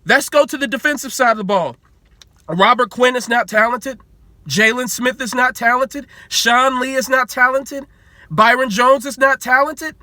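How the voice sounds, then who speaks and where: A man's voice: extremely high pitch, moderate pace, pushed and bright, no room sound. A man in his twenties, a sports vlogger, ranting in heated commentary with repeated rhetorical questions and free swearing.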